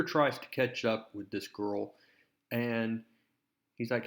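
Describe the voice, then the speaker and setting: Man, casual comic recap, slow unhurried delivery, loose filler-laden storytelling. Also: medium pitch. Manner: relaxed, filler-heavy storytelling. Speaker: comic book reviewer.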